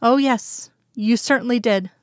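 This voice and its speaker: A woman voicing a gentle, playful grown man lover in a storybook reading, murmuring and teasing. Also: on the high side, measured pace, no room sound, clean studio sound, lightly acted. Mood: playful, tender.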